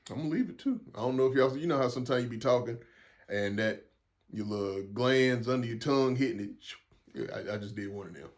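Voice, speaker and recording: A man's voice: mid-range voice, quick pace. A young man from South Carolina with a Southern accent, hosting a solo podcast in a rambling, frank and profane way, often repeating and restarting his words. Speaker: podcast host. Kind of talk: casual solo podcast monologue.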